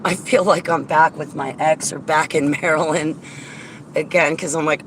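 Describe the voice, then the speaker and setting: A blunt, argumentative woman rants in a casual vlog from around her car. Clear traffic and street noise runs behind her voice. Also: low-pitched, steady tone, moderate pace, a bit bright, low-quality recording. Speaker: vlogger.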